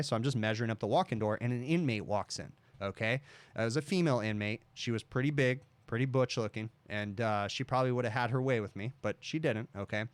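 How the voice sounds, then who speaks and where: Brief: man, mid-pitched, casual livestream host, rambling anecdotes, dry close sound. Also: no echo. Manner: rambling storyteller, says "okay?" often. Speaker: livestream host, HVAC technician.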